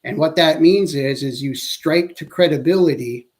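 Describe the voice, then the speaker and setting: A male instructor delivering a training presentation, his voice sitting a little higher than most men's. He talks in a measured, earnest way, pausing to correct himself now and then as he explains each point. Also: a little mellow.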